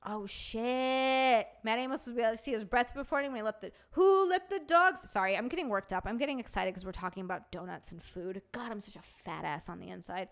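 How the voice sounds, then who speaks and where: A woman hosting a casual livestream, chatting with viewers and reacting to their comments in an animated, swearing, joking way. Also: mid-range voice, quick pace, gravelly, few pauses. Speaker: streamer host.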